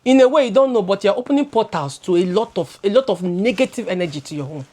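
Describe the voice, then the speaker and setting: A Nigerian woman in her thirties, co-hosting a relaxed talk show. She talks animatedly, drifts between English and Pidgin, and circles back over her own words as she makes her point. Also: mid-range voice, quick pace. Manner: animated, switching into Pidgin, laughing, repeating words as she goes. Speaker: co-host. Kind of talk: casual chat.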